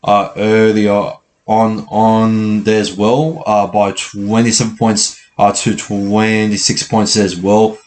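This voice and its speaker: A man giving a casual rugby league preview, talking haltingly with a stutter and many fillers. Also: fairly low pitch, flat delivery, a little mellow. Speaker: rugby league fan commentator. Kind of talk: casual pre-match preview.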